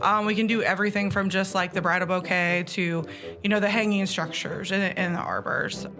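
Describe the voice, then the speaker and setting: A woman's voice: medium pitch, fairly even intonation, a little fast. Casual woman florist, music behind. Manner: casual, uses fillers like "like" and "you know". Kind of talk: casual interview answers.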